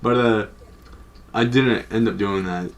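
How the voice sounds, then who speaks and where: A man's voice: fairly low pitch, a little slow. A young adult man telling a story in a casual, loose, slangy way, full of "like" and swearing. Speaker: storytime vlogger.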